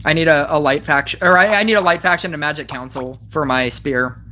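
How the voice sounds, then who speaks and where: A woman's voice: low-pitched, brisk, bright, forceful tone. A woman giving casual gameplay commentary, thinking aloud as she plays and often correcting herself. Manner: thinking aloud, frequent restarts and self-corrections. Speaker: mobile game player.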